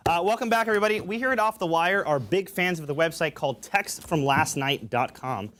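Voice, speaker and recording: High-voiced young man hosting a comedy show. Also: lively intonation, a little fast, a bit bright. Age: young adult. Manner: joking, reads gag texts with fillers. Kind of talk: stand-up style show hosting. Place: college studio with audience.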